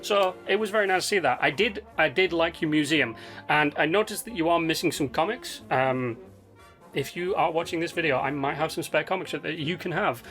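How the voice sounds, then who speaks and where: A relaxed man narrating over gameplay with a slightly raised pitch. He talks in easygoing slang and wanders between thoughts with plenty of ums. Soft music plays faintly behind him. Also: brisk. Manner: laid-back, slangy and rambling with many ums and restarts. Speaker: gaming video host reviewing player builds. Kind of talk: casual game commentary. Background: faint background music.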